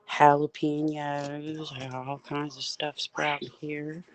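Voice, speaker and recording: A woman's voice: low-pitched, vocal fry. A middle-aged woman livestreaming casual, rambling chat, cussing freely and talking straight to her viewers. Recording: noisy phone livestream.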